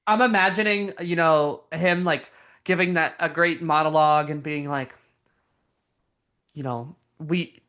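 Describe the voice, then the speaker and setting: A young woman co-hosting a podcast, chatting casually in an animated, giggly way with lots of fillers. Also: low voice, unhurried, long pauses. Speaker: podcast co-host. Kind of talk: casual chat.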